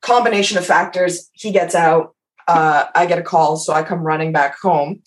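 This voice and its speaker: A woman's voice: lowish voice, fairly even intonation, moderate pace. A woman telling a story in casual podcast chat. She swears freely, mocks herself and laughs through it.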